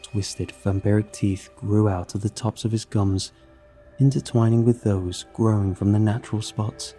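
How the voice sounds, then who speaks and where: A man reading a horror story aloud in a measured, grim way. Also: fairly low pitch, little pitch movement, dark tone. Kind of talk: scripted horror narration. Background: faint music.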